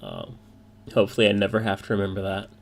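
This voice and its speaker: A man running a tabletop roleplaying game as dungeon master, talking in a relaxed, joking way with many fillers. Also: low voice, fast, creaky.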